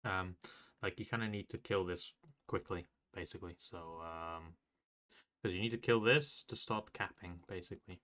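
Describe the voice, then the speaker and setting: A man with a lowish voice and a bright, forward tone walks through game strategy in a relaxed, unscripted way. His talk is loose and rambling, and he keeps correcting himself mid-thought. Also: moderate pace. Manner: loose and rambling, full of fillers and self-corrections. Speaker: game strategy guide creator. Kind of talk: casual explanation of game tactics.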